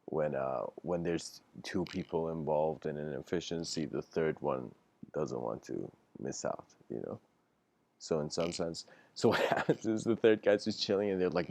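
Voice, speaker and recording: A man with a very low voice gives an informal lecture, telling a story as he goes. He often breaks into laughter and slips into quick quoted voices for the people in his story. His talk is loose and full of "like" and "you know.". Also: lively intonation, vocal fry, darkish tone. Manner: casual, laughs often, many fillers and restarts; acts out characters' lines in quoted voices.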